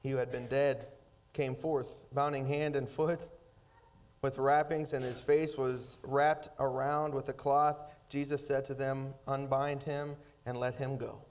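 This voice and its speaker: A man preaching a sermon, swinging between loud, rising emphasis and hushed, slow passages. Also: mid-range voice, flat delivery. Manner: dynamic preaching, rising loud then dropping soft. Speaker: pastor.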